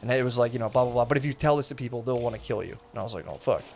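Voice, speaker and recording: A young man telling a long story in a loose, rambling way, full of filler words and swearing, acting out the people he quotes with sudden jumps in pitch. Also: racing, gravelly, a little mellow. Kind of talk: casual storytelling.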